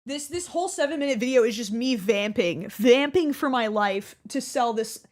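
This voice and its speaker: A young woman hosting her channel, rambling through casual commentary on her old videos. She restarts her sentences often and laughs along the way. Her voice sits high. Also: lively intonation, normal speed. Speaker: YouTuber host.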